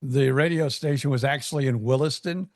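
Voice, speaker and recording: A man's voice: medium pitch, a little fast, darkish tone. A man co-hosting a podcast, talking in an easygoing, rambling and joking way. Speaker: podcast co-host. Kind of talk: casual chat.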